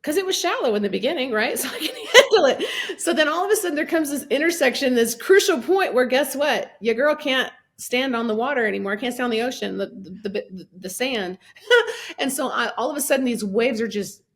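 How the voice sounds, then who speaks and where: A woman in her fifties telling her story as a podcast guest, animated, acting out her own past words with a lifted voice and laughing often as she talks. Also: high voice, fairly quick. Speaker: guest, minister and life coach. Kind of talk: personal storytelling in a podcast interview.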